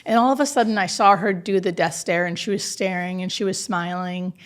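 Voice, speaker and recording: A woman, a hospice nurse, telling stories in a conversational interview, animated and earnest with many filler words. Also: on the low side, brisk.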